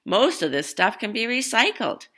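A woman voicing a brisk, tidy old grandma in a storybook, firm and cheery. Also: on the high side, very animated, fairly bright tone, breathy edge, voice pushed up, heavily acted.

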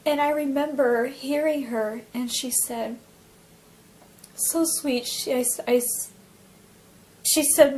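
Young woman, high voice, halting emotional testimony, lots of um and like. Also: steady tone, darkish tone, low-quality recording. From Alaska, US. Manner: emotional, halting, many fillers and restarts. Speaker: near-death experience witness. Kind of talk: personal testimony, casual storytelling.

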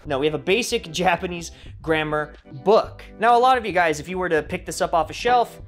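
A man giving a casual, energetic textbook review vlog, joking and poking fun at himself, with big jumps in pitch. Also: fairly quick, soft background music. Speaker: language-learning reviewer.

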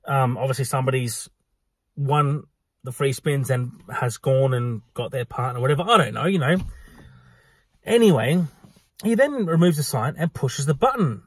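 A man who works venue staff tells a casual story about a run-in at his job, animatedly acting out the exchange with lots of swearing. His voice is mid-range and husky at a normal speed, recorded with no room sound.

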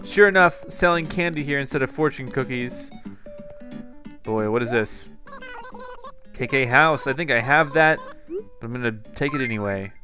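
A man's voice: medium pitch, lively intonation, normal speed, pauses often. Playful man commenting on gameplay. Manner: playful, jokey, self-mocking asides. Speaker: gaming channel host. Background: faint game music.

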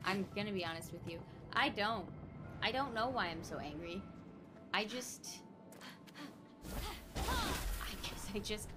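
A woman's voice: medium pitch, measured pace, pauses often. A young woman streamer giving casual, frustrated gameplay commentary, swearing and talking to her chat. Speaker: gaming streamer. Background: game music.

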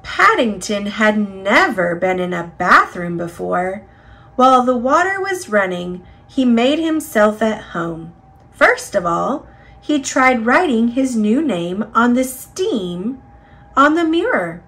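A woman reading a children's picture book aloud in a slow, expressive storytelling voice. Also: on the high side. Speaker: storybook reader. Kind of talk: children's read-aloud narration.

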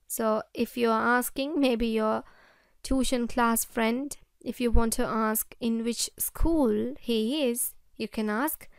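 A woman's voice: on the high side, steady tone, slow, smooth, no room sound, clean studio sound. A woman with a Sri Lankan English accent, teaching English phrases to children and repeating each example sentence. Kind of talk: slow, deliberate classroom explanation.

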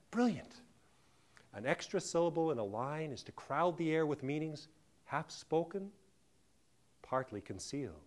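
A middle-aged man delivering a deadpan comic lecture on a theatre stage before a live audience. He swings between booming declamation and hushed murmurs. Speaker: solo stage performer playing a lecturer.

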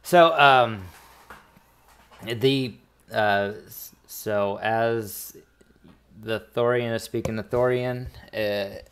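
Low-voiced guy running a tabletop game, rambly, lots of ums, takes his time. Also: fairly even intonation, drawn-out words, a bit bright, smooth. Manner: rambling, many fillers and restarts. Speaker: game master.

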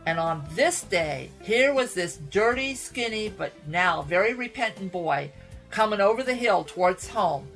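A woman radio Bible teacher retelling a Bible story in a dramatic, animated way, speaking to listeners as folks. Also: medium pitch, measured pace, soft background music. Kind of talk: sermon storytelling.

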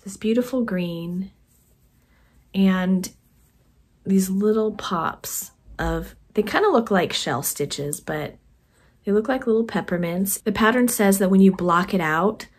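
A woman vlogger chatting casually about her knitting projects in a soft, conversational way that often trails off quietly. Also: medium pitch, a little slow, husky. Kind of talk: casual chat to camera.

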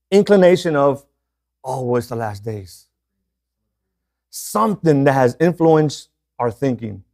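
Male pastor, fairly high voice, chatty sermon delivery that keeps checking in with the room. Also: darkish tone. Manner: conversational, checks in with "right?".

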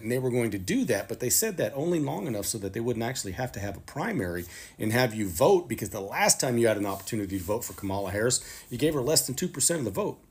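A man delivers political commentary in a husky voice that rises and falls a lot, leaning on sarcasm and rhetorical questions. His pitch sits in the middle of a man's range.

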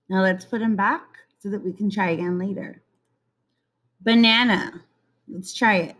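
Young woman teacher going real slow for little kids, stretching words out clearly. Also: medium pitch. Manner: slow, clear, drawn-out word modeling. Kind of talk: teaching a children's syllable lesson.

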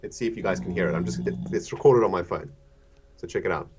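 A man's voice: low-pitched, quick pace, over music. A man chatting casually on a livestream, laughing often and reading out donations.

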